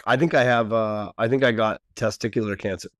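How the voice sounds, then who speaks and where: A male comedian and podcast co-host telling a story in casual chat, animated and laughing as he acts out the dialogue. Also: fairly low pitch, fairly quick, no echo, studio quality.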